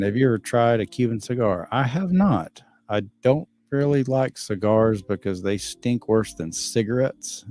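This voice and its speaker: A man's voice: lowish voice, a little mellow. A middle-aged man chatting casually on a livestream, bluntly and with lots of swearing, as he reads out and answers viewer comments. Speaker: livestreaming father answering chat.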